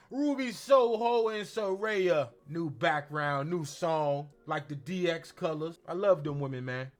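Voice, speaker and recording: A man with a high-pitched voice recaps a wrestling show in loose, slangy talk. He keeps it animated and jumps into exaggerated voices to act out what people said. It sounds like a casual streamed rant.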